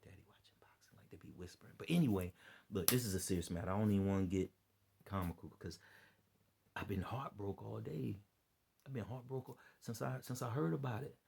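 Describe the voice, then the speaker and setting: An online preacher and commentator, exhausted and dead tired, gives rambling, preachy, impassioned vlog commentary without a script, repeating himself and appealing to listeners. His lowish voice is warm, with vocal fry and a breathy edge, and his pace is fairly quick.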